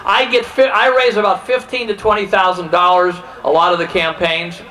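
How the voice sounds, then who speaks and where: A man's voice: high voice, level tone, moderate pace, bright, forceful tone, a little hiss or hum, low-quality recording. A man from Ohio giving an impassioned political speech, heated, acting out the conversations he quotes. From Ohio, USA. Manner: heated, acts out quoted exchanges. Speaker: political speaker.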